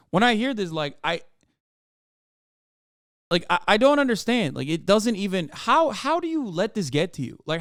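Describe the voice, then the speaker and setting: A man's voice: high-pitched, dry recording, studio quality. A man streaming casual commentary on clips, ranting in a profane, exasperated way. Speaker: streamer reacting to videos.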